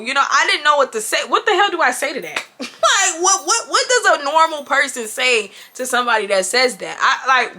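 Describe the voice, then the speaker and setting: Young woman vlogger, high and bright, animated and slangy storytime delivery. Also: normal speed. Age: 20s. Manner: animated, exclamatory, slangy, addresses viewers as y'all. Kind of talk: storytime vlog.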